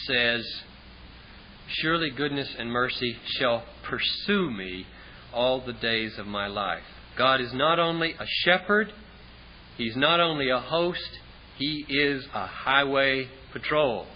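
A male preacher telling a story from the pulpit, swinging between big emphatic peaks and hushed low asides. The recording is dull and lo-fi, with a faint hiss underneath. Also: measured pace. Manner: storytelling with vivid scenes, dropping low and quiet for dialogue. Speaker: pastor. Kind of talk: sermon.

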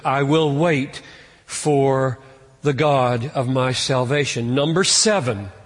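A man preaching a sermon in an earnest way, rising in pitch and force on key points. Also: big-room sound. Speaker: pastor.

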